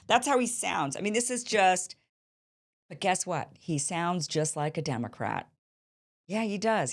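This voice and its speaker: A woman with a fairly low voice hosts a political commentary show. She talks in a sarcastic, mocking way. She is lively and drifts into sneering asides. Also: moderate pace. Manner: animated, with mock voices of opponents. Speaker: show host.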